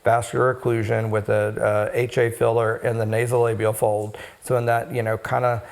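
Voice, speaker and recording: A man who works as a cosmetic injector, co-hosting an educational podcast and explaining steadily with frequent pauses. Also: mid-range voice, little pitch movement, creaky.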